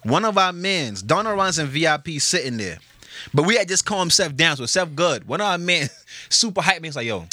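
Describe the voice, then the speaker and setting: A man's voice: fairly high pitch, brisk, no echo. A young man hosting a podcast, telling a story in casual slang and acting out the voices in it. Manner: animated storyteller, acts out voices, laughs a lot. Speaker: podcast host.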